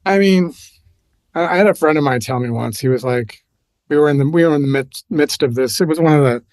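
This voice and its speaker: A middle-aged man in casual chat, his voice sitting a little high for a man. He rambles through stories with frequent restarts and turns animated as memories come back. The sound is dry and close, with no room around it. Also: brisk, no room sound. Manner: rambling, restarts often, animated when recalling. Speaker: podcast guest, musician.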